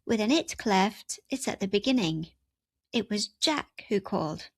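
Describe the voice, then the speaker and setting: A woman's voice: mid-range voice, lively intonation, measured pace, no echo. A woman teaching an English grammar lesson, walking through example sentences step by step.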